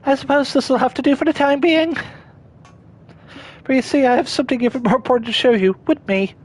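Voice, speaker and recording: A man's voice: very high voice, fairly quick, voice pushed up, low-quality recording. A man voicing a precise, formal male machine unit that runs a cafe, reading game dialogue in clipped, clinical phrasing. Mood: polite.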